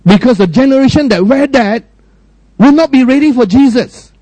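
A man preaching a sermon with a warm, mellow voice, recorded close and dry. He preaches emphatically, climbing high and loud, then dropping low and quiet, and often puts questions to his listeners. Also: expressive, moderate pace, dry recording, rough recording. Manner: emphatic, swinging between high raised lines and low quiet ones; frequent direct questions to the congregation.

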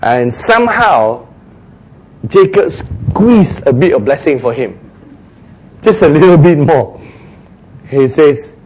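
A man preaching a sermon, retelling a scripture story with lively asides and frequent chuckles. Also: fairly high pitch, takes it slowly, long pauses.

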